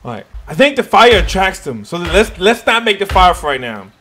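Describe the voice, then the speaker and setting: Guy doing survival game commentary, voice jumps all over, kinda high, cursing a lot, faint hiss behind. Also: big pitch swings, normal speed, pushed and bright. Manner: jumpy, swears often, talks to himself. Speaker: gaming YouTuber.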